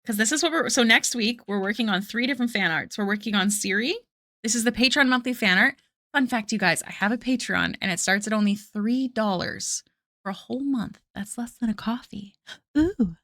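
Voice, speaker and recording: A woman's voice: fairly high pitch, a little fast, pushed and bright, dry recording. A young woman chatting casually on a live art stream, bubbly and self-deprecating, gushing over fan art. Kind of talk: casual live-stream chat while drawing.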